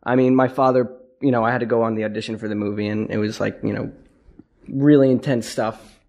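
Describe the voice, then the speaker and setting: A man's voice: lowish voice, steady tone, quick pace, a little mellow. A young man, an actor, chatting casually in an interview, rambling with lots of fillers and frequent laughs. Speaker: actor guest.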